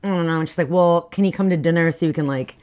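A young woman co-hosting a casual book discussion, retelling the plot with animated, laughing asides and swearing, acting out characters as she goes. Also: lowish voice, fast talker. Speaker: podcast co-host.

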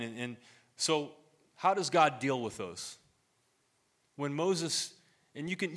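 Male pastor, middle-aged, mid-pitched and bright, casual earnest sermon. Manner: conversational, earnest, halting with many restarts.

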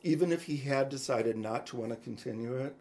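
A man's voice: medium pitch, a little fast, darkish tone. A man co-hosting a podcast, telling personal stories to his friends in a frank, chatty way. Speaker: podcast co-host. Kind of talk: candid personal storytelling.

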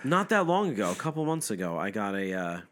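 A man's voice: fairly low pitch, fast. A man co-hosting a podcast, telling stories in casual chat with a lot of swearing, often acting out the other people in them. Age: adult, parent. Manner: profane, animated storytelling with voiced impressions. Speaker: podcast co-host.

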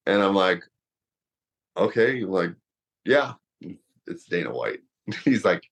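Low-voiced man telling a rambling story. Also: sing-song, slow pace, creaky, pauses often. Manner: rambling, lots of fillers, laughs through story. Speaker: guest, former wrestler and fighter. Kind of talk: casual storytelling.

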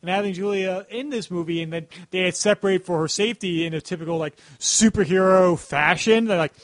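A man's voice: high-pitched, fairly quick, no echo. A man hosting a casual podcast chat, rambling with many "like" fillers. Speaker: podcast host.

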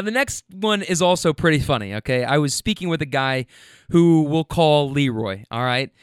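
A man's voice: on the high side, fairly bright tone, clear, resonant tone, dry recording, clean studio sound. A man hosting a podcast, telling stories casually in a rambling, profane way. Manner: rambling, profane, restarts and fillers. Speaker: podcast host. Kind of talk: casual storytelling.

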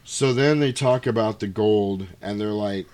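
A man casually retelling a movie's plot, jumping into quick acted-out quotes of the characters. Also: on the low side, a little mellow, clean tone. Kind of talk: casual movie recap chat.

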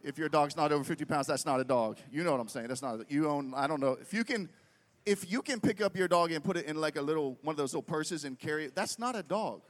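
A middle-aged man from Pittsburgh preaches in a bright, fairly high voice, telling a funny story from the festival stage. He keeps checking in with the crowd and peppers his talk with "like" and "right?". His voice rings out with a long echo off a big hall. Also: fast talker. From Pittsburgh, United States. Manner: animated, quizzes the crowd with frequent questions, many fillers. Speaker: festival speaker. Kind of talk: humorous storytelling sermon. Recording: long reverb from a large venue.

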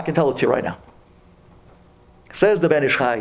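A man giving a sermon in an animated storytelling manner, dropping to low asides and rising to high exclamations. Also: moderate pace, long pauses. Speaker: rabbi giving a Torah talk.

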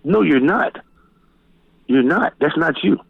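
A middle-aged man from Florida, telling stories as a guest DJ in a loose, profane, animated way. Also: slow, gravelly, breathy edge, dry recording. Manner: animated, profane, jumps high when quoting people. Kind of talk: casual storytelling interview. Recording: tinny phone-line sound, dry.

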